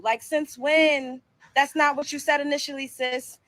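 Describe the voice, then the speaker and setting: A woman's voice: high voice, steady tone, moderate pace, fairly bright tone, reverberant. Fired-up, profane New woman. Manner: blunt, profane, fired-up rhetorical questions. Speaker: host of a commentary show. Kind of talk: reaction commentary.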